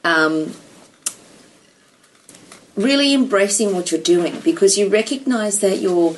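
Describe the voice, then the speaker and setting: Encouraging woman, mid-pitched voice. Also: expressive, takes it slowly, a little hiss or hum, low-quality recording. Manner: encouraging, affirming, talks in flowing reflective runs. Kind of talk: casual chat.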